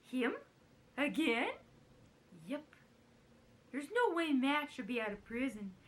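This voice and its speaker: A woman doing a raspy, quavering older showbiz grande dame while reading a storybook page aloud theatrically. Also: high-pitched, big pitch swings, slow pace, pitched above the performer's own voice, heavily acted.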